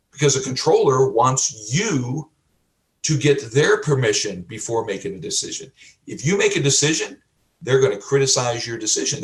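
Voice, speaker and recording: A man teaching like a pastor, emphatic and repetitive, asking rhetorical questions and often adding "okay?", with frequent throat clearing. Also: mid-range voice. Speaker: pastor and life coach. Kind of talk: teaching sermon. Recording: roomy, from a distance.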